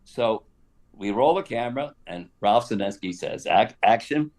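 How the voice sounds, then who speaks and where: An older man telling a story casually on a live stream, animated, with laughs and asides. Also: fairly low pitch, normal speed. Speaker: guest actor telling stories.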